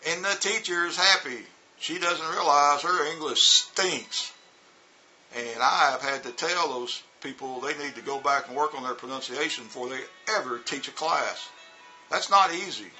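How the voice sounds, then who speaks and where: A man's voice: mid-range voice, a little slow, sharp tone, a little hiss or hum, rough recording. A middle-aged man vlogging in a casual monologue about teaching, rambling, repeating words and using lots of fillers. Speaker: vlogger and former teacher in China.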